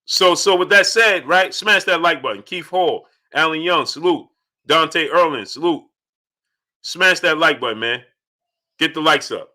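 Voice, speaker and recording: Bright-voiced animated male boxing host. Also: a little high, a little slow. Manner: animated, repeating shout-outs to viewers. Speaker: boxing talk show host. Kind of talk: livestream commentary reading out super chats.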